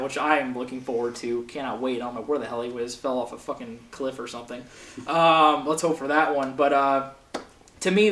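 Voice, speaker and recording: A man's voice: on the high side, fairly bright tone. A young man hosting a wrestling show, ranting with passion and heavy swearing in casual commentary. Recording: echoey room, faint noise.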